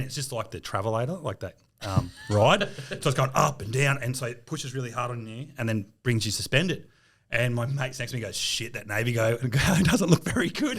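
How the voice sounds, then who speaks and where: An Australian man in casual podcast chat, an animated storyteller who laughs and swears. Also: mid-range voice. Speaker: podcast co-host.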